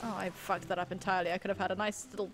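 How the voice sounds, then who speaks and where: A woman streaming a game, reading its text aloud and reacting with excitable, sweary outbursts. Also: medium pitch, racing, noisy background. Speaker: gaming streamer. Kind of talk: let's play commentary reading game text.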